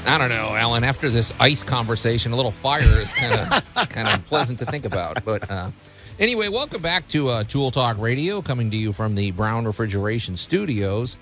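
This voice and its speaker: A man's voice: medium pitch, sing-song, fairly quick, music in the background. A man hosting a casual radio talk show, rambling with many fillers and restarts.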